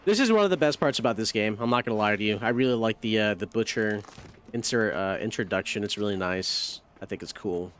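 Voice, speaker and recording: A man's voice: on the low side, lively intonation, a little fast, a bit bright, smooth. A man streaming a video game, ranting and reacting in casual, profane commentary.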